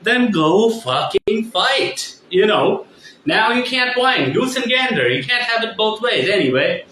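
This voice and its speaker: A man's voice: high voice, animated, unhurried, sharp tone, a little hiss or hum. Rambling, profane man ranting in an echoey room. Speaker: vlogger. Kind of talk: casual vlog rant.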